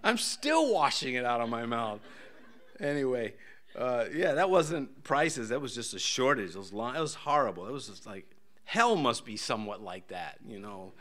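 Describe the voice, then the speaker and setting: An older man preaching a casual, joking sermon in a church, with folksy asides and voices acted out in a high pitch. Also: big pitch swings, moderate pace, a bit bright. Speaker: pastor.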